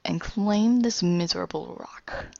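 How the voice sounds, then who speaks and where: A woman voicing a gloating male villain back from the dead, talking slowly and mockingly. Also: on the low side, vocal fry, warm tone, no room sound. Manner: slow, smug and mocking. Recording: dull lo-fi recording.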